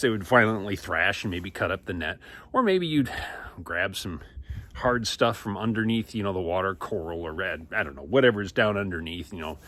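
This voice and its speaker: A man telling a Bible story to children in an animated, acted-out storytelling manner. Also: lowish voice, no echo. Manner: lively, acts out characters and sound effects. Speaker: children's church teacher.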